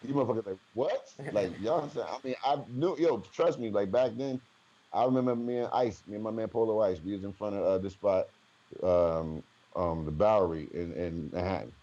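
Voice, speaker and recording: Animated New Jersey man telling stories. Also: on the low side, a little fast, muffled recording. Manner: animated storyteller, slangy, acts out quotes. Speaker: guest rapper. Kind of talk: casual storytelling interview.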